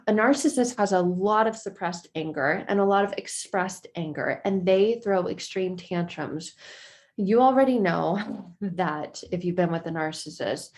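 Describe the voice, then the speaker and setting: A woman speaking earnestly to camera in an advice video, now and then acting out quick quoted exchanges. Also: fairly low pitch. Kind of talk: talking-head advice video.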